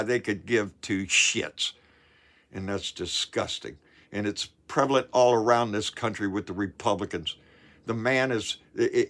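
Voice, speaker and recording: A man vents about politics in a heated, profane rant. His voice is bright and sharp, and he keeps tripping over his words and circling back. He sounds worked up and blunt. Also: medium pitch. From Texas. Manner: profane, fired-up, repeats himself and stumbles over words. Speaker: political vlogger. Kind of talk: angry political rant to camera.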